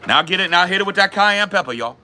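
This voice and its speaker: A man putting on a Cajun accent to play a loud, folksy cook who hollers cooking steps. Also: high-pitched, lively intonation, pitched above the performer's own voice, full character voice. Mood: hyped. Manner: hollering cooking instructions, drawn-out y'all.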